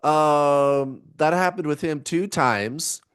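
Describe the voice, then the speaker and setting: A middle-aged man talks to his viewers in a loose, rambling way, peppering his speech with fillers and the odd swear word. His voice sits at an ordinary pitch for a man. The recording is close and dry, with no room sound. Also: expressive, a little slow, no echo. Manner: rambling, laid-back, swears casually. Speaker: spiritual vlogger. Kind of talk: casual chat to camera.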